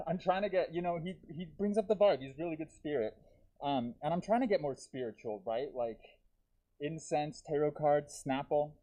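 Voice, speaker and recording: Stand-up comic, male, slightly high voice, dark deadpan delivery with wry asides, muffled by a deer mask. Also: normal speed. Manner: dark deadpan jokes with self-aware asides to the crowd. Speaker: stand-up comedian. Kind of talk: live stand-up set. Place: comedy theater stage. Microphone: talking through a deer mask.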